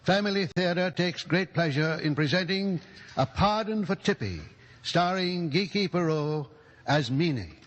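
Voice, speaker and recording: A man hosting an old radio drama series, giving an earnest, measured introduction. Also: sits high, animated, slight background noise. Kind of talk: formal 1950s radio introduction. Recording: echoey 1950s radio recording.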